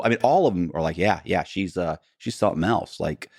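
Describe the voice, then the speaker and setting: A man, a podcast guest, telling stories in casual talk and acting out the other people in them with sudden jumps in pitch. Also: fairly quick, slightly rough, no echo, clean studio sound. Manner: animated, acts out quoted dialogue with pitch jumps. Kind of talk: casual storytelling.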